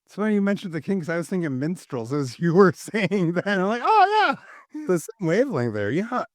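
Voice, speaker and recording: Enthusiastic male podcast host, rambly, high lively pitch, dry booth sound. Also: fairly quick, no echo. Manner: enthusiastic, rambling, filler-heavy. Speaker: podcast host, music booker. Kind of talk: podcast interview conversation.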